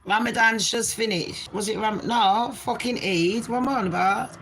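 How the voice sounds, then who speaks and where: A British woman in her forties hosting a casual live stream from her bedroom, talking fast and swearing freely as she chats to her viewers and calls them babes. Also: a little high, fairly bright tone, a little hiss or hum, rough recording. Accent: British English.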